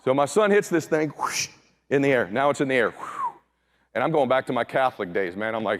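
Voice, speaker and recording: Animated gravelly storytelling man. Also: medium pitch, a little fast, slight background noise. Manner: animated, acts out voices, shouts for emphasis. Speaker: motivational speaker. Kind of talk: storytelling talk.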